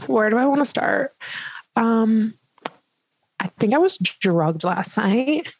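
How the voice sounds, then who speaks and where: A woman in her twenties telling a funny story in casual chat as a podcast co-host, animated and full of "like" fillers. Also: fairly high pitch, slow pace, no echo, rough recording. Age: 20s. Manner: animated, many "like" fillers, laughs while telling.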